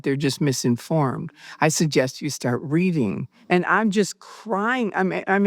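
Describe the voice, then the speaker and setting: A woman recounting her personal experiences, animated and acting out the dialogue she quotes. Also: on the low side, no room sound, clean studio sound. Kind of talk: personal storytelling.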